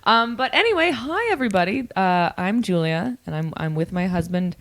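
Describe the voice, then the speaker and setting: A woman co-hosting a podcast in casual chat, rambling with many fillers and giggles, her voice lower from the morning. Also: lively intonation, normal speed, dry recording. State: morning voice, lower than usual. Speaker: podcast co-host.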